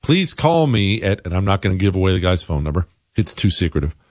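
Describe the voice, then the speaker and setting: Animated wry male talk radio host. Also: sits low, quick pace, dry recording, studio quality. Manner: animated, wry, sarcastic asides. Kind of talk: talk radio commentary, reading listener email aloud.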